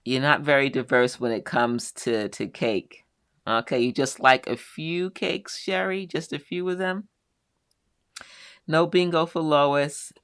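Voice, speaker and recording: Middle-aged lady hosting a quilting livestream, slow easy chat reading the comments, close dry mic. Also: deep voice, steady tone, clear, resonant tone, no echo. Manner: chatty, reads out viewer names and answers warmly. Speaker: host of a live quilting show. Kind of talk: casual live-stream chat reading viewer comments.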